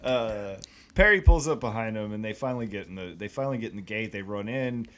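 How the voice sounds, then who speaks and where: A man's voice: lowish voice, expressive, fast, a bit bright. Rambling man recapping an episode. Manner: rambling, repeats words, swears freely. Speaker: podcast co-host. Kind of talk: casual chat recapping an episode.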